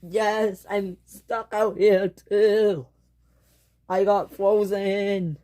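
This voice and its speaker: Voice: medium pitch, flat delivery, a little mellow, pitched above the performer's own voice, lightly acted. Winston, a glum frozen engine, as the narrator plays him. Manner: slow, glum. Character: gloomy male engine frozen in a lake.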